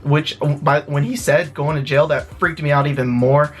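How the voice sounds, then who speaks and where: A man vlogging to his viewers, retelling a tense story in an excited, rushed way with lots of fillers and restarts. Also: on the high side. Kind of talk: casual storytelling to camera.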